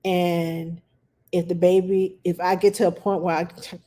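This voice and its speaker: A woman's voice: lowish voice, level tone, measured pace, mellow. A woman working as a nanny, giving earnest, casual parenting advice and repeating her key points for emphasis. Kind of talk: casual advice talk to camera.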